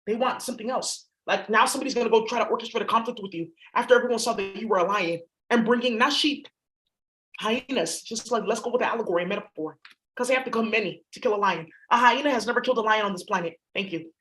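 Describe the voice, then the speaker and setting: A woman's voice: a little high, quick pace, a bit bright, low-quality recording. A woman giving a spiritual reading in a blunt, profane, rambling monologue. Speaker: astrology reader.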